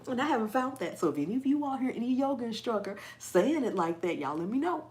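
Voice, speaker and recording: A woman hosting a casual live stream, hyper and animated, often laughing and mimicking people. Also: a little high, quick pace, slight background noise. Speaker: gardening channel host.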